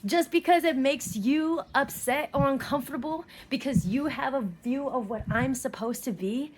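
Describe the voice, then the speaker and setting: A woman's voice: high-pitched, normal speed, a little hiss or hum. A woman in her thirties with a Southern US accent, delivering a heated, profane rant to camera with emphatic repetition. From Southern United States. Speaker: vlogger. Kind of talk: angry monologue to camera.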